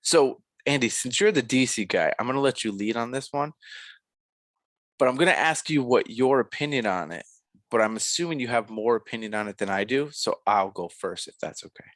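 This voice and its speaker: A man's voice: mid-range voice, lively intonation, brisk, a bit bright, no echo. Rambling young man reviewing a film. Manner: rambling, filler-heavy, self-correcting. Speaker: podcast co-host. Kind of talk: casual film review chat.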